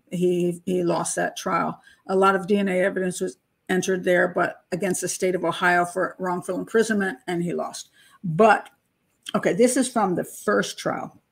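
Husky older woman giving emphatic true-crime commentary. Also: lowish voice. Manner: emphatic, incredulous, mocks testimony with acted-out voices. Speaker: criminal profiler and channel host.

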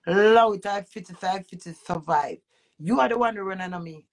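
A woman with a Jamaican accent, a social media personality, rants to camera at normal speed. She is emphatic and preachy, swinging between loud outbursts and low muttering.

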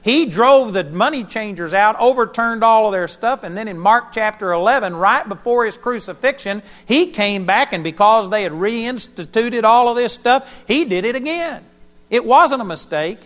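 Male preacher, high and lively delivery, sermon taped live in a church auditorium. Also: moderate pace. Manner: animated storytelling, emphatic. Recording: dull lo-fi sermon recording.

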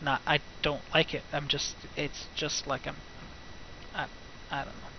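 A man's voice: on the high side, level tone, unhurried, gravelly, highs cut off, noisy background. A young man doing let's play commentary, ranting and muttering to himself in frustration as he swears at the game.

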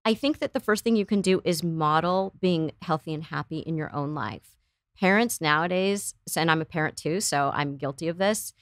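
A woman's voice: deep voice, normal speed, no room sound, clean studio sound. Earnest middle-aged woman therapist explaining. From United States. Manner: earnest, explanatory, acts out quoted voices. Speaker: psychotherapist guest. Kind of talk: conversational interview explaining.

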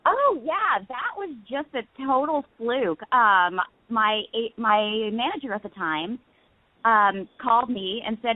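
A woman's voice: on the high side, animated, slow pace, no room sound. A woman in her thirties, a guest actress calling in to a casual interview and telling stories with frequent laughter. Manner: bubbly storyteller, laughs often. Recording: phone line.

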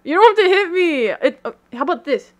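A young woman giving casual livestream commentary while gaming, excitable and giggly, breaking into squeals and shrieks. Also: very high-pitched, fairly quick. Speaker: gaming streamer.

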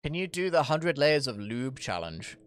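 Animated young male streamer, swearing and laughing. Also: medium pitch, moderate pace, clear, resonant tone, dry recording, clean studio sound. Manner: jokey, self-mocking, swears a lot, bursts into loud laughs. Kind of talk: casual live-stream chat, reading chat aloud.

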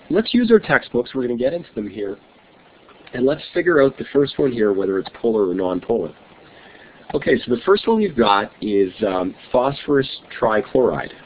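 Middle-aged man, chemistry teacher, online class lesson, friendly and chatty, tinny phone-like audio, faint hiss. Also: medium pitch. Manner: friendly, chatty, reads notes aloud.

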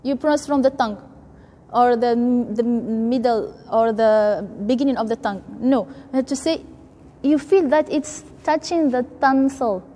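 女老师，声音偏高，语速缓慢，带大厅混响。. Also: female voice, a little high, measured pace, mellow, big-room sound. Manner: patient, demonstrates sounds by repeating them. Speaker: Quran recitation teacher. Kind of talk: tajweed pronunciation lesson.

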